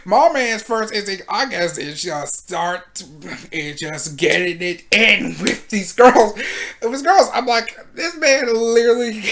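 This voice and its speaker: A host giving casual video commentary in a slangy, animated way, laughing often. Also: mid-range voice.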